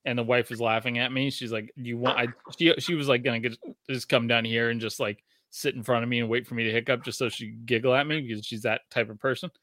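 Bright-voiced man rambling on a podcast. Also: mid-range voice, fairly even intonation, fast talker, few pauses, no echo. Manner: rambling, swears casually, trails off and restarts. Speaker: podcast co-host. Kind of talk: casual podcast chat. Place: home garage.

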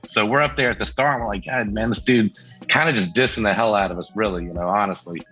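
Middle-aged guy telling an old story, bright punchy voice, kinda husky, does the voices of people he quotes. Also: on the low side, quick pace, soft background music, poor audio. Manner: lively, acts out quoted voices. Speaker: band member guest. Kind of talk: casual storytelling.

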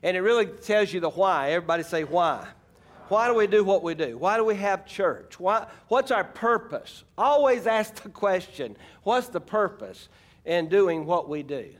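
The pastor, a middle-aged man from Arkansas, USA, has a high voice with lively intonation and keeps a moderate pace. His sermon is folksy and emphatic, with frequent call-outs to the congregation.

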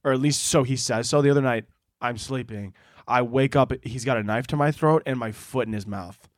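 A man's voice: medium pitch, fairly quick, no room sound. Man, solo podcast host, casual rambling chat, profane jokes, dry close mic.

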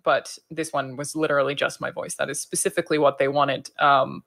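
A woman co-hosting a casual podcast, chatting excitedly with plenty of fillers. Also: low voice. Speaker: co-host.

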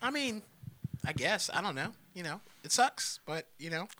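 Super bright guy, lively up and down voice, podcast guest, bit of noise behind. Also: high-pitched, normal speed. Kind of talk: casual comedy podcast chat.

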